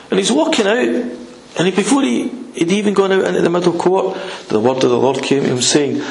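Man, preacher, casual sermon, emphatic, gravelly, echoey room with faint hiss. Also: on the high side, fairly quick. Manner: conversational, emphatic, dramatizes scripture. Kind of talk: informal sermon.

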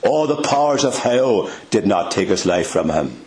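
An older man preaching a sermon, slow and emphatic, dropping to hushed tones for effect. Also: on the low side, very animated, slight background noise.

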